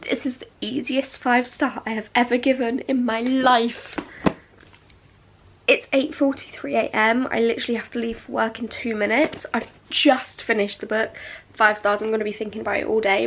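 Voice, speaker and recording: A woman's voice: a little high, fairly even intonation, moderate pace, a bit bright, a little hiss or hum. A young woman chatting casually about books in a reading vlog at home, gushing and full of fillers. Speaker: book vlogger.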